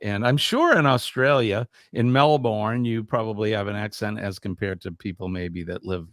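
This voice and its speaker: A man's voice: on the low side, normal speed, fairly bright tone, no echo, clean studio sound. A man hosting a casual live stream, chatty and upbeat, reading out viewer comments during a quiz.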